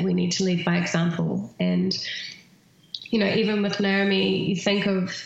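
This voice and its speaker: A woman's voice: medium pitch, creaky, very echoey, dull audio. A woman speaking as an interview guest, earnest and thoughtful, with many fillers. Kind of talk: reflective conversational interview.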